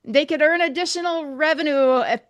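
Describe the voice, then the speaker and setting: A woman with a high voice, recorded close and dry with little room sound. She co-hosts a casual bourbon tasting stream, answering in a hesitant, understated way with a dry wit. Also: brisk, no echo, lo-fi sound. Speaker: podcast co-host.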